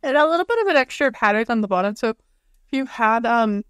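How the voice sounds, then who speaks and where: Relaxed woman co-host with a slightly high voice, easygoing chat, dry close mic. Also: quick pace, no room sound, dull audio. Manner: relaxed, with fillers and throat-clearing. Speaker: podcast co-host. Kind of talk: casual chat.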